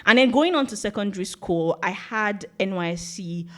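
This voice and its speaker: A young woman from Nigeria with a Nigerian accent talks as a podcast guest. Her storytelling is animated and she laughs easily as she goes. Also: medium pitch, normal speed. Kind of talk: casual chat.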